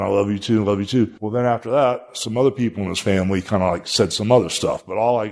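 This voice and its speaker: An older man, a podcast guest, telling a long story in a rambling, folksy way with many fillers. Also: low voice.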